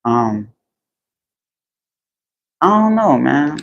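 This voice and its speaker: A man rambling casually and profanely on a phone live stream while walking outdoors, getting animated as he talks. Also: on the high side, extremely slow, vocal fry, lo-fi sound. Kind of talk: casual live-stream chat about boxing. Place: outdoors in the heat. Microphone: phone held while walking outdoors.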